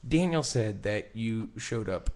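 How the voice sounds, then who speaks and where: Profane, animated male co-host. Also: fairly low pitch, unhurried. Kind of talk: casual chat. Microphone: studio mic.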